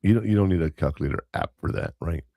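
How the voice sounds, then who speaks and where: With a deep, warm, creaky voice, this fast-talking man co-hosts a podcast and spins rambling stories, full of quoted dialogue and self-corrections. He works as a substitute teacher, and the sound is clean studio quality without echo.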